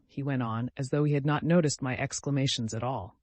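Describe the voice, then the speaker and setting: A man narrating a classic story in steady, scripted audiobook reading. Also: mid-range voice, a little fast, few pauses, no echo.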